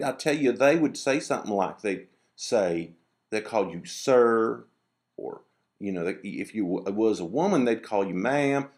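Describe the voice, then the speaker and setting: A man's voice: medium pitch, creaky, a little mellow. A man telling a meandering, digressive story to camera, restarting his sentences and grumbling about rude people. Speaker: vlogger. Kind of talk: casual rambling monologue to camera.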